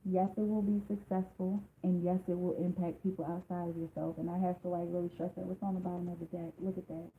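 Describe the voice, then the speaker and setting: A woman's voice: fairly low pitch, level tone, fast talker, hardly any pauses. A woman giving live-streamed tarot readings in a chatty, emphatic way with lots of fillers. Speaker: tarot card reader. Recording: tinny phone-like sound with faint noise.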